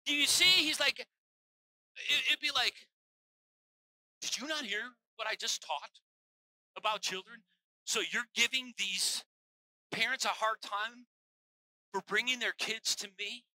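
A man's voice: high voice, sharp tone, rough recording. A male pastor preaching a sermon in a folksy, joking way, teasing his congregation.

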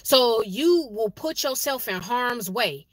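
A woman's voice: fairly high pitch, lively intonation, takes it slowly, no echo, studio quality. A woman, giving a blunt, preachy monologue in casual vlog style and hammering home her points with repeated phrases. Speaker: spiritual vlogger.

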